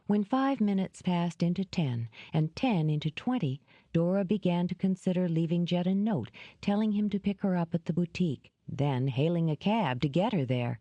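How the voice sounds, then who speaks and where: Low, mellow woman narrating a novel. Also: expressive, moderate pace, no echo. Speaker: audiobook narrator. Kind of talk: scripted narration.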